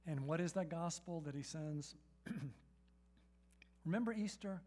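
A man preaching a sermon to a gathered audience, emphatic and questioning, swinging between loud urgent peaks and soft, intimate passages. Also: fairly high pitch, slow. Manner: emphatic, asks the audience questions and repeats "right?".

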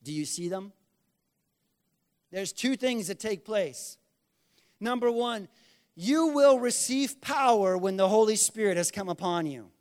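A man's voice: sits high, expressive, a little slow, long pauses. A man preaching a conversational sermon, acting out little quoted exchanges and asking the congregation to respond. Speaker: pastor.

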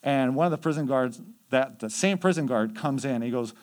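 A man at an everyday middle pitch tells stories from his mission trips as a youth leader. He talks loosely and casually, scattering fillers as he goes. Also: normal speed. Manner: conversational, chatty with many fillers. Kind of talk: casual storytelling.

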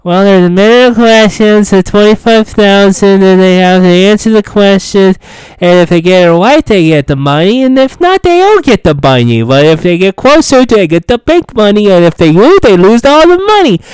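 A man's voice: sits high, lively intonation, moderate pace, a little mellow, smooth, dry recording, voice pushed up, rough recording. A man imitating a whiny, overexcited male game show fan who rambles in repetitive bursts. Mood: rambling.

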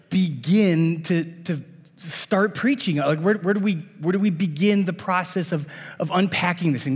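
A man's voice: on the high side, breathy edge. A male pastor reading scripture and then preaching in a conversational way, with rhetorical asides to the congregation. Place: church sanctuary. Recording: long reverb of a church hall.

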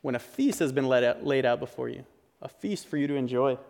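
A man preaches to his congregation at an ordinary middle pitch, his voice trailing off in the long reverb of a church sanctuary. He talks in an earnest, conversational way, often restarting a phrase before pressing his point. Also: expressive, fairly quick, vocal fry, a little mellow. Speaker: pastor. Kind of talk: sermon.

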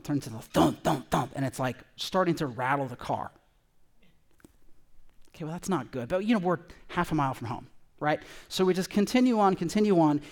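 A middle-aged man, a pastor from California, telling a personal story in a conversational, animated sermon. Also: a little high.

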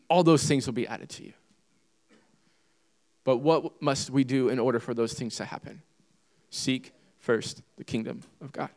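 Reading from scripture, this pastor speaks in a steady, mid-range voice with a darkish tone, at a measured pace with frequent pauses. He presses his points emphatically through repeated key phrases and questions put to the congregation.

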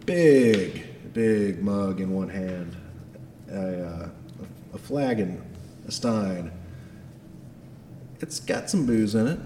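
A man's voice: lowish voice, dark tone, reverberant, in a large hall, a little hiss or hum. A man narrating as game master of a tabletop game in a laid-back, rambling way.

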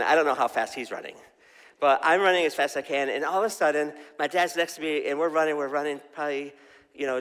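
A man preaches to a church crowd, spinning a chatty story and asking the room questions. His voice sits a little high for a man. A long hall reverb trails after his words. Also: a bit bright. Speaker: pastor. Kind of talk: sermon.

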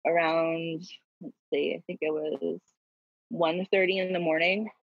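A young woman telling a personal story in an animated, dramatic way, laughing often. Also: low voice, measured pace, vocal fry, slightly rough, no room sound, phone-quality sound. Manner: lively, laughing, dramatic retelling.

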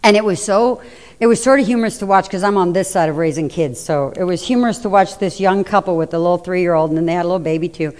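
A middle-aged woman preacher with a lowish, darkish voice speaks fast in a church hall, giving a conversational sermon full of anecdotes and addressing the congregation directly. Long hall echo colors the recording.

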